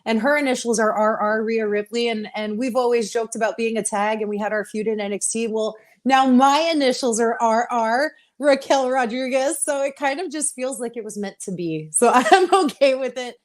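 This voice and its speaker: A woman's voice: a little high, moderate pace, few pauses. A young woman from Texas, a professional wrestler, talking openly and emotionally in a casual interview, laughing often. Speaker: interview guest, pro wrestler.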